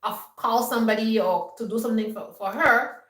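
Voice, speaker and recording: A woman's voice: fairly high pitch, normal speed, fairly bright tone, reverberant, recorded from a distance, low-quality recording. Emphatic, scolding woman vlogger. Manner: emphatic, scolding, repeats "you understand?". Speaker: homestead vlogger. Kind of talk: lecturing monologue.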